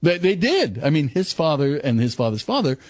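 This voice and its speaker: An older male actor, guesting in a candid interview, tells stories with animated energy, acting out quotes and restarting hesitantly. His voice is fairly high-pitched at a normal speed, recorded in studio quality with no room sound.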